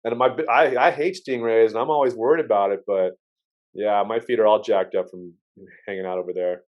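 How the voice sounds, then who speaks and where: Rambling through casual podcast stories with lots of restarts and the occasional curse, this host speaks briskly in a lowish voice with fairly even intonation. The recording sounds muffled.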